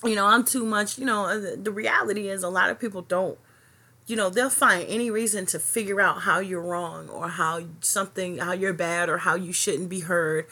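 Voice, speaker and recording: A woman hosting her own podcast delivers a solo monologue in a medium-pitched voice that's husky, pushed, and bright. Her passionate, profane rant rambles, full of fillers and restarts.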